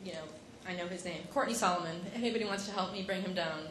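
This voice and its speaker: Woman speaker, tearful and halting, low voice, echoey hall with noise behind. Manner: emotional, halting, restarts often. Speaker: speaker at an event. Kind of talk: personal speech.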